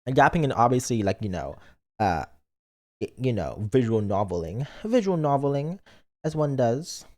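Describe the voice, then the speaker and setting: A man's voice: medium pitch, very animated, normal speed, darkish tone. Guy streamer yapping away, playful and rambly, voice bouncing all over. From lives in Britain, not British. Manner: rambling, playful, reads chat aloud. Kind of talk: casual chat.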